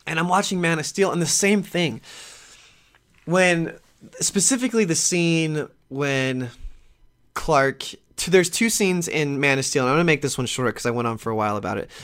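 A man's voice: on the high side, normal speed, a bit bright, clear, resonant tone. A young man hosting his own podcast, talking casually in an earnest, rambling way with frequent restarts. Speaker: podcast host. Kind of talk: casual solo podcast talk.

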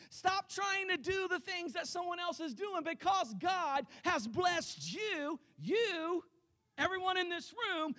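A man's voice: very high voice, a bit bright. A pastor preaching a sermon in a church, emphatic and rallying his congregation directly. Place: church sanctuary.

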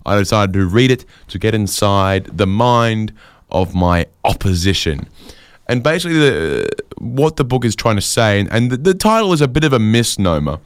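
A man telling a long, wry anecdote in a casual, chatty way, with quick asides and fillers. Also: on the low side, sing-song, clean tone, no room sound, studio quality. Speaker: storyteller.

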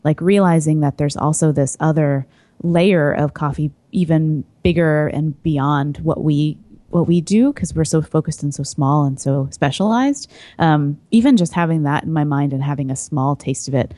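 Woman, 30s, podcast guest; low-pitched, mellow, dry close sound, chatty with fillers. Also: normal speed, dry recording. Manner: chatty, laughs easily, trails into fillers. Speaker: podcast guest, coffee importer. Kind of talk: casual chat.

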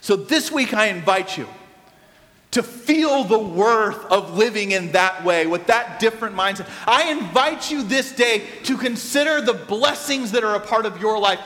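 A male pastor preaching a sermon, telling a personal story in an animated, conversational way with asides to the congregation. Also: sits high, unhurried. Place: church sanctuary. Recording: long reverb of a church hall.

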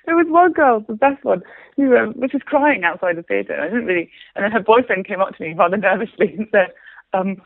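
A woman playwright and performer being interviewed, talking in a rambling, animated way with frequent restarts and laughter. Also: medium pitch, a little fast. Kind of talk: casual interview chat. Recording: tinny phone line, dry.

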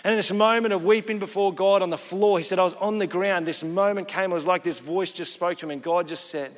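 A man's voice: high voice, steady tone, quick pace, hardly any pauses, long reverb tail. A pastor preaching a sermon, telling stories in a conversational way and acting out the people he quotes.

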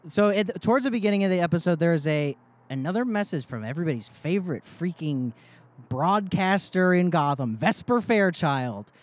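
A man's voice: high voice, animated, brisk. A man co-hosting a podcast in casual chat, rambling and swearing casually as he talks. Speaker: podcast co-host.

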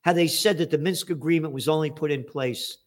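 A male commentator in the middle of a political rant, with a voice sitting a little high for a man. He talks with biting sarcasm and heavy profanity. His delivery climbs into angry shouts. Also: fairly quick.

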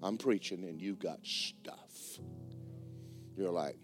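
A man preaching a sermon as the pastor of a church, telling a story in a lively way that swings between hushed and loud. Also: sits low, slow pace. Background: faint guitar music.

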